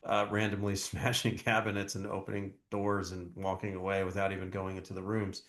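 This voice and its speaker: A man's voice: sits low, monotone, fairly bright tone, reverberant. A man co-hosting a true crime podcast, talking casually and earnestly, often restarting his words, as he reads viewer comments. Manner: earnest, halting, repeats words. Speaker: podcast co-host. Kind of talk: casual chat reacting to comments.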